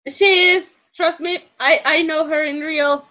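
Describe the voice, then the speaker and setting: A woman's voice: high-pitched, fairly even intonation, a little slow, pushed and bright. A woman co-streaming in casual chat, teasing and often stammering over her words. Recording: dull lo-fi stream audio.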